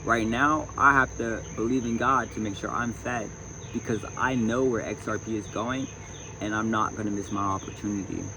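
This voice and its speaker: A man with a low-pitched voice talks in a casual, emotional and preachy way, repeating himself as he reads from a self-help book. He is recorded outdoors at night. A faint hum of crickets and insects sits behind him. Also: steady tone, moderate pace. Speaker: vlogger reading a self-help book aloud. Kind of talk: casual spiritual talk with book reading.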